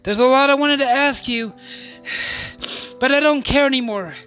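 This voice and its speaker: A woman doing a stubborn calm young man. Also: sits high, normal speed, faint music behind. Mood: weary.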